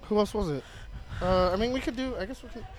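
A man's voice: sits high, quick pace, music in the background. A man co-hosting a casual podcast, teasing and joking.

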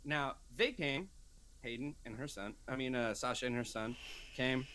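A man co-hosting a laid-back podcast, spinning a story with lots of fillers and quick bursts of acted-out voices. His pitch sits in an ordinary middle range. He talks in an easygoing conversational way. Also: slight background noise. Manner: animated storyteller, acts out quoted voices. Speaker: podcast co-host. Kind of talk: casual storytelling chat.

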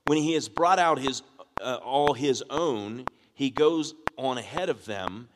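A man's voice: medium pitch, lively intonation, unhurried. A man, a pastor, preaching a sermon and asking the congregation questions as his delivery builds in force. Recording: echoey hall with background noise.

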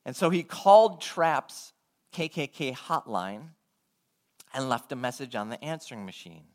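A man's voice: medium pitch, expressive, darkish tone. Earnest male preacher telling a story. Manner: earnest, measured storytelling with quoted dialogue. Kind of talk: sermon storytelling.

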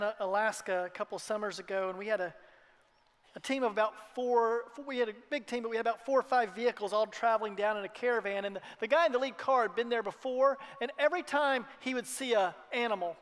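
A man preaching a sermon to his congregation in a church, earnest, sometimes dropping to a hushed tone for emphasis. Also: high-pitched. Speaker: pastor. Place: church hall. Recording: long hall reverb.

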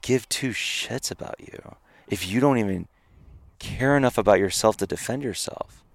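A man voicing an impatient, mocking female jungle spirit who scolds bluntly, with his voice pushed noticeably higher than his usual. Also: normal speed, gravelly. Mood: harsh.

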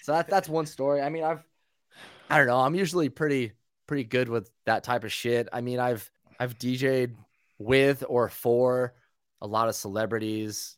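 A man telling stories as a guest in a casual chat, animated and full of swearing. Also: mid-range voice, normal speed, dry recording, studio quality. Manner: animated, profane storytelling.

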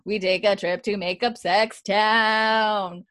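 Recapping a TV episode on a podcast she co-hosts, a young woman chats casually and animatedly, acting out characters' lines with many "like" fillers. She speaks slowly in a steady, mid-range, slightly bright voice, with no room sound.

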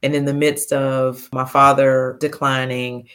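A woman in her fifties, a podcast guest telling a personal story in a heartfelt, animated way, laughing now and then. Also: a bass voice, measured pace. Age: 50s.

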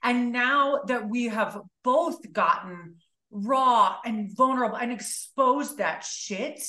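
A woman talks as a guest on a podcast, candid and blunt, swearing freely and hitting her words hard. Her voice is bright and somewhat high. The room around her is echoey. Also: slow pace. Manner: blunt, profane, emphatic. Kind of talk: candid conversational interview.

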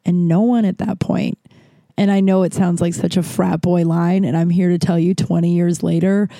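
Gravelly, candid woman telling a story. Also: on the low side, flat delivery, moderate pace, mellow, dry recording. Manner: candid, profane, rambling with restarts. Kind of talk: casual personal storytelling.

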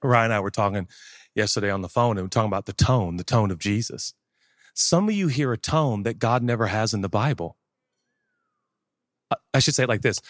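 A man preaching a sermon as pastor, animated and jokey, acting out little dialogues and breaking into sudden shouts. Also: on the low side, no room sound, clean studio sound.

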